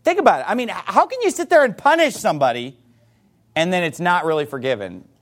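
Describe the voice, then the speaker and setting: A man preaching a sermon in a high voice that swings widely up and down. He drives his points hard and fires rhetorical questions at the congregation. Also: very animated, fast. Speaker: pastor.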